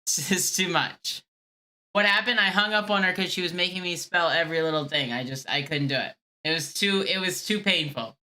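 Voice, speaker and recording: A woman's voice: fairly low pitch, brisk, sharp tone. A woman streamer chatting casually on a live stream, exasperated and repeating herself with laughs. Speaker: streamer calling scammers.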